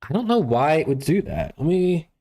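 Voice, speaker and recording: This young American man hosts a live-stream watch party from home on a desk mic, chatting casually and profanely with viewers in a laid-back way, talking to chat and reading out usernames. His fairly high, mellow voice swoops wildly in pitch at a moderate pace.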